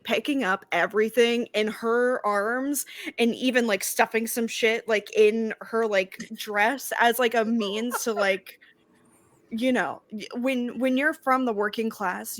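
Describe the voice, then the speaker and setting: Rambling, playful woman player. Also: mid-range voice. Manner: rambling, filler-heavy, playful. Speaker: tabletop player. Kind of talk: casual role-play chat.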